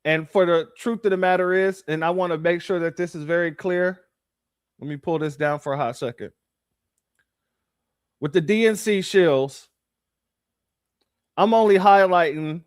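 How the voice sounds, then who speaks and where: A man's voice: fairly high pitch, smooth, no echo, clean studio sound. A man hosting reaction commentary, talking bluntly and sardonically to his viewers. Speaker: commentary host.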